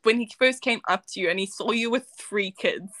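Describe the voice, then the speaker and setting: A woman co-hosts a casual podcast and tosses in teasing questions and quick reactions. Her voice is bright and a little high. The sound is dry and close. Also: no echo, faint music behind. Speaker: podcast co-host. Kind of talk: casual chat.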